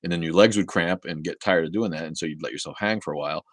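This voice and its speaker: Deep-voiced sarcastic man ranting. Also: fast talker, no room sound, studio quality. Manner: sarcastic, profane, restarts often. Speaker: livestream host reading viewer comments. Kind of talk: casual livestream rant.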